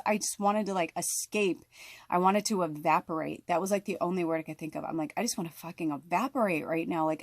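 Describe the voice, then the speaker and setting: A woman's voice: mid-range voice, no room sound. Woman spiritual vlogger, casual unfiltered rant full of "like" and "you know", dry mic. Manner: rambling, heavy fillers, frequent swearing. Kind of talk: casual venting to camera.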